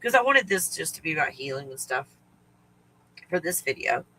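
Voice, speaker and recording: Bright-voiced man chatting loosely. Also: on the high side, very animated, normal speed, a little hiss or hum, low-quality recording. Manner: rambling and profane, often laughing. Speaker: spiritual livestream host. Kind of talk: casual chat to viewers.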